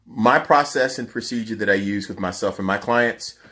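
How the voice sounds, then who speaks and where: A man's voice: lowish voice, normal speed, pushed and bright. Tired-voiced man giving a vocal lesson. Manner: emphatic, instructive. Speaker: vocal coach.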